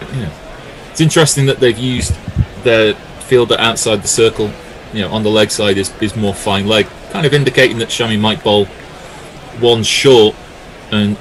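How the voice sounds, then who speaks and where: A man giving live ball-by-ball cricket commentary, with lively calls and jokey banter with his co-commentator. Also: lowish voice, moderate pace, background noise.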